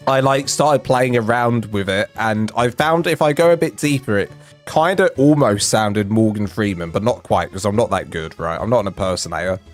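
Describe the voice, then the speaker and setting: A man chatting casually on a live game stream, rambling and self-deprecating with a jokey manner. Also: medium pitch. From England.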